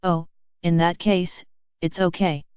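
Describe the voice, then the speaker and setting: A woman's voice: on the low side, little pitch movement, slow, a little mellow, clear, resonant tone, no echo, highs cut off. A woman voicing a prim, innocent nun in a polite tone.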